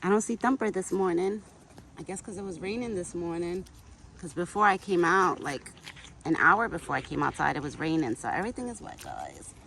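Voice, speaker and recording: A woman's voice: on the low side, big pitch swings, fairly quick, gravelly, a bit bright, slight background noise. A woman vlogging outdoors in a yard, chatting casually and baby-talking to a deer she feeds. She grew up speaking Italian. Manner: coos and baby-talks to the animals. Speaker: vlogger feeding a wild deer. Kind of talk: casual outdoor vlog chat.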